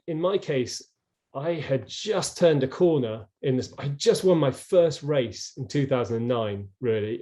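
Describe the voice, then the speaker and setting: Earnest reflective man, mellow voice. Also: mid-range voice. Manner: earnest, reflective, many restarts. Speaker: guest, former rower. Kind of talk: storytelling in an interview. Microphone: video call.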